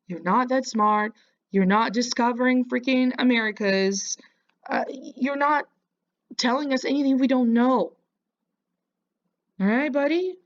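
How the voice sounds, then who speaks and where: A woman's voice: on the high side, lo-fi sound. A woman giving casual reaction commentary, mocking and lecturing the person in a clip.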